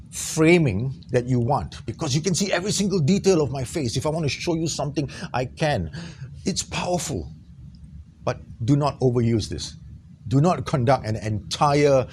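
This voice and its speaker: A man teaching an on-camera tutorial in a small studio, lively and jokey, checking in with his viewers often. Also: mid-range voice, moderate pace, a little hiss or hum. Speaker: trainer.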